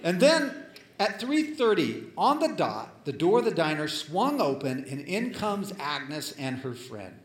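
Dramatic storytelling preacher. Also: male voice, fairly high pitch, big pitch swings, measured pace, few pauses. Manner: dramatic, swings between loud and hushed. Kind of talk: sermon storytelling, reading a letter aloud. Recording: echoey room.

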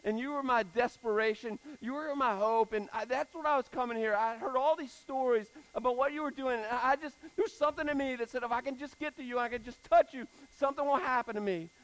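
A man's voice: extremely high pitch, fast, hardly any pauses, a bit bright, voice pushed up, low-quality recording. A man voicing a desperate woman who was healed after twelve years, pouring out an earnest confession. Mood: pleading.

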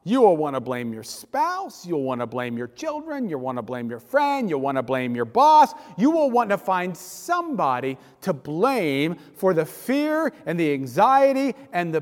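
A male pastor delivers an animated sermon in a church, his voice high and wildly expressive. He tells the story with energy and sinks now and then to a near-whisper. A long hall reverb trails behind each line. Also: a little slow, hardly any pauses.

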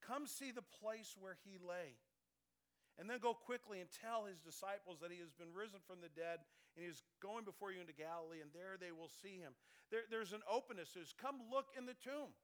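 A man in his fifties preaching a sermon as pastor, conversational and animated, often dropping to a soft calm voice. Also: high voice, a little fast, clean tone. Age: 50s.

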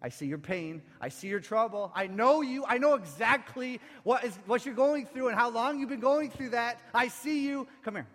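A preacher voicing a compassionate savior who gently calls people to come and rest. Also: male voice, very high-pitched, animated, normal speed, few pauses, pitched above the performer's own voice. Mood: tender. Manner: pleading, reassuring. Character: tender inviting male savior voice, compassionate. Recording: echoey hall with faint music.

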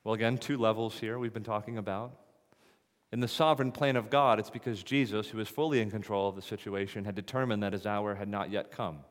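A man's voice: fairly low pitch, fairly even intonation, a little fast. A man preaching an expository sermon, reading scripture and posing rhetorical questions that build to emphatic peaks. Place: church sanctuary. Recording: long hall reverb.

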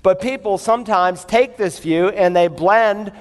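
High-voiced preacher in a reverberant hall. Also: male voice, unhurried. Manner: storytelling preacher, emphatic and conversational. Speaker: pastor. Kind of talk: sermon.

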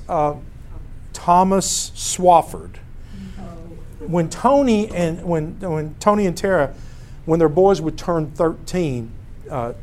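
A man teaching a casual Bible lesson, telling stories in an animated way and often breaking off to restart a phrase. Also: on the high side, a little hiss or hum. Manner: storytelling, animated, self-interrupting.

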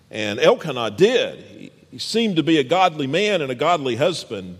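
A man preaching a sermon as pastor. He reads scripture aloud and speaks straight to the congregation in an animated way. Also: fairly high pitch, slightly rough. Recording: long hall reverb.

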